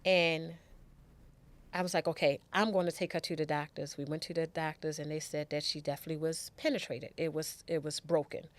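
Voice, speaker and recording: A woman's voice: low-pitched, little pitch movement, a little fast. A middle-aged woman telling an emotional personal story as a podcast guest, candid and repeating her words as she goes.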